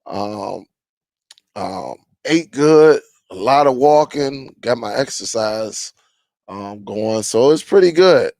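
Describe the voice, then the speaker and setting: A man hosting a casual live stream chat, greeting viewers and reading their comments aloud in a relaxed, rambling way with many fillers. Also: medium pitch, takes it slowly, gravelly, no room sound.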